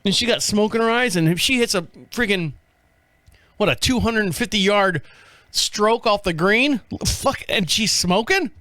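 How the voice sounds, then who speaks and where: High-voiced man hosting a rambling podcast. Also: a little slow, pushed and bright, dry recording. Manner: rambling, off-the-cuff, swears freely. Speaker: podcast host. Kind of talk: casual commentary.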